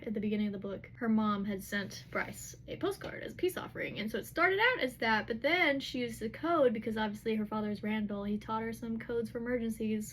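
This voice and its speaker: A young woman casually retelling a novel's chapters, chatty and animated, with slangy asides. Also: a little high, a little hiss or hum. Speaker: book recap vlogger.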